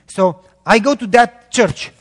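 Man, pastor, high voice, earnest animated sermon storytelling, long hall reverb. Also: slow pace, creaky, breathy edge.

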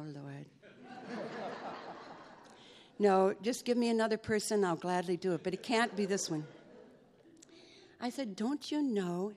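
A woman's voice: mid-range voice, darkish tone. A woman giving an earnest faith testimony as a story, acting out the conversations she had. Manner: earnest, re-enacts conversations in dialogue. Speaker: speaker sharing a personal faith testimony. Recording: long hall reverb.

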